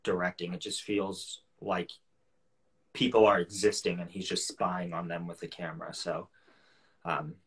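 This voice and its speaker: A young man, an actor guest, chatting casually on a video call interview, soft-spoken and hesitant, often restarting his sentences. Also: low voice, flat delivery, a little slow, breathy edge.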